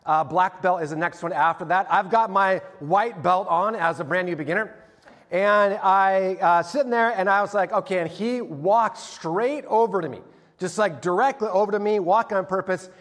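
A middle-aged male pastor preaching a sermon and telling personal stories, growing animated as he acts out scenes. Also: sits high, moderate pace. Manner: storytelling, animated when acting out scenes. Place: church sanctuary. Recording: long hall reverb.

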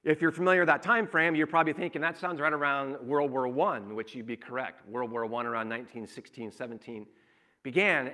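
Bright, animated pastor preaching. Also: male voice, fairly high pitch. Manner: conversational storytelling with animated quoted asides. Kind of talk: sermon.

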